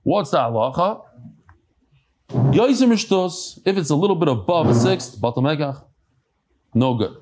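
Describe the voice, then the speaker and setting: Animated rabbi teaching Talmud. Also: male voice, medium pitch, brisk. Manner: animated, chatty explanations with asides. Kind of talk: daf yomi lecture to a live class. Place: study hall with a live audience.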